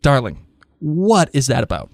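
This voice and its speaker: Animated man co-hosting a podcast. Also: mid-range voice, moderate pace, creaky, no room sound, clean studio sound. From Rhode Island. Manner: animated, laughs often, reads listener comments aloud. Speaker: podcast co-host. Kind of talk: casual chat.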